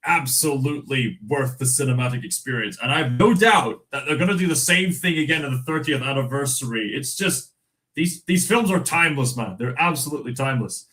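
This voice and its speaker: A man's voice: mid-range voice, animated, brisk, a bit bright, poor audio. Chatty Scottish man on a livestream. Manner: chatty, chuckles often, many fillers and restarts. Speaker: livestream host. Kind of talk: casual livestream chat, reading news aloud.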